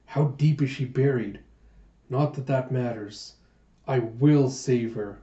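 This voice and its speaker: A man's voice: medium pitch, slow pace, dark tone, reverberant, highs cut off, close to an everyday voice. A man reading as a curt young bodyguard. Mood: impatient. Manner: curt, demanding.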